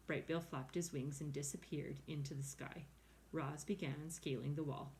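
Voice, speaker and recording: A woman reading a children's novel aloud in a clear, steady storytelling manner. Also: deep voice, moderate pace, slight background noise. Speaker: reader.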